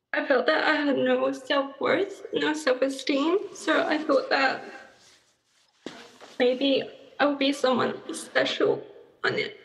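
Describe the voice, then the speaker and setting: A nervous woman confesses to her teacher, apologizing often and close to tears. Her voice sits high and carries a gravelly fry. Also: fairly bright tone, rough recording. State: crying. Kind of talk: emotional public repentance.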